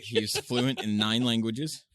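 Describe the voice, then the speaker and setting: A man co-hosting a podcast in casual chat, telling animated stories with swearing and laughter. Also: medium pitch, takes it slowly, no echo, clean studio sound. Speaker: podcast co-host.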